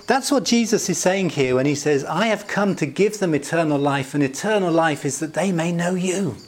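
A middle-aged man preaching a conversational sermon, chatty and jovial, often chuckling and filling his talk with asides. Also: fairly high pitch. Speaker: pastor.

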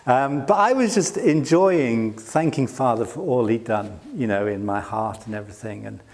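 A middle-aged British pastor delivers a sermon in a mid-range, somewhat dark voice at an ordinary pace, with a little background noise. His manner is conversational and self-deprecating, and he laughs often.

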